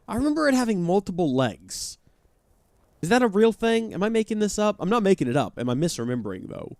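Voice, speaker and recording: Chatty, animated male game streamer. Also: fairly high pitch, no room sound. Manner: chatty, joking, reads chat aloud. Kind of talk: live let's-play commentary.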